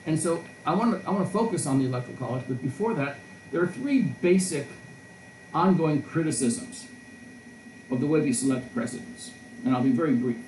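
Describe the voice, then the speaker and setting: A man lectures as a professor, telling stories and circling back to restart his sentences. His voice is mellow and dark. It sounds roomy and set back from the mic, with a faint hiss underneath. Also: on the high side, expressive, fairly quick, far from the mic. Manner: discursive, storytelling, frequent restarts. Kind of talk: conversational lecture. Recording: roomy echo, voice a bit off-mic.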